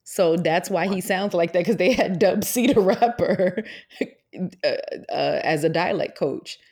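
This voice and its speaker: A woman's voice: lowish voice, a little slow. A young adult woman co-hosting a podcast, chatting casually and laughing often as she tells stories. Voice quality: laughs often, animated storytelling. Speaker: podcast co-host. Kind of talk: casual chat.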